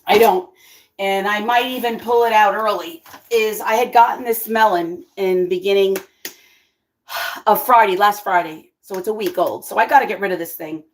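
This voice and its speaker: A woman hosting her own cooking vlog, chatting casually with viewers, excitable and always exclaiming and laughing. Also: medium pitch, moderate pace. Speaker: cooking vlogger and channel host.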